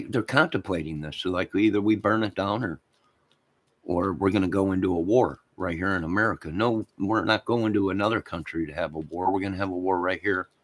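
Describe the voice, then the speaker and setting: A man hosting a livestream, rambling crudely and talking to his chat viewers. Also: deep voice. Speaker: livestream host.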